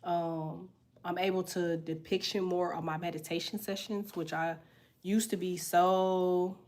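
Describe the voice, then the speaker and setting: A woman's voice: fairly low pitch, level tone, a little slow, a little mellow. A young woman tarot reader on a casual livestream, chatting bluntly and profanely while she answers comments, congested from a sinus infection.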